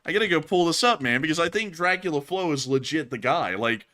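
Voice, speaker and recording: A man hosting a casual livestream, excitable and quick to laugh. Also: a little high. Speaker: host.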